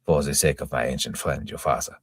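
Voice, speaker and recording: A man's voice: very deep voice, expressive, moderate pace, husky, no room sound, studio quality, heavily acted. A man voicing a stern, commanding middle-aged male captain, speaking raised and emphatic. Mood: fatherly.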